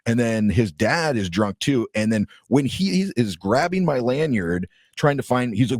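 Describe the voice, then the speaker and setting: A man's voice: medium pitch, big pitch swings, unhurried, hardly any pauses, no room sound, studio quality. A man co-hosting a podcast, telling a story casually and animatedly, swearing freely and acting out what people said. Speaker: podcast co-host.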